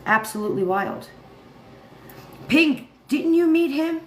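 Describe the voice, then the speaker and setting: A woman's voice: high voice, animated, slow. A tired woman hosting a casual livestream, rambling, laughing often and chatting with her viewers and her cat. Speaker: livestream commentary host. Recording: echoey room with faint noise.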